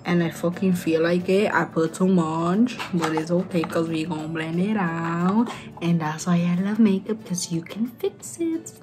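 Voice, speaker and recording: A woman's voice: fairly low pitch, steady tone, measured pace, music in the background. A tipsy young woman, rambling loosely and cursing playfully as she chats through a makeup tutorial. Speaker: beauty vlogger. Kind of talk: casual makeup tutorial chat.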